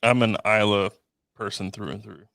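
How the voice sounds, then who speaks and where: A man's voice: fairly low pitch, fairly even intonation, moderate pace, creaky, a bit bright, dry recording, clean studio sound. A man co-hosting a podcast, chatting casually and giving short, easygoing replies. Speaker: podcast co-host. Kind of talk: casual chat.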